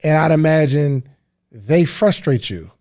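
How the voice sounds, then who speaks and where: Casting: male host, slightly higher voice, gravelly, relaxed interviewer. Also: measured pace. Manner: relaxed, affirming, frequent backchannel yeahs. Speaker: podcast host. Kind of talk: casual interview chat.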